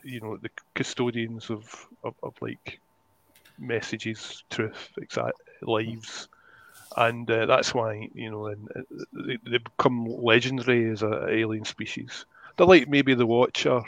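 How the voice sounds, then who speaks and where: A man's voice: mid-range voice, steady tone, a little slow, no echo, rough recording. A man who is a guest creator, talking in a rambling, casual way on a podcast and often searching for his words.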